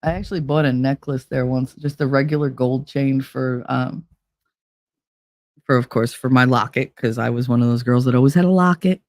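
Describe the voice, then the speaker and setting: A woman's voice: a bass voice, normal speed, no room sound, clean studio sound. Blunt, profane woman. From Hoboken, New Jersey. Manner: blunt, profane, animated storyteller. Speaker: podcast host. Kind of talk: casual storytelling.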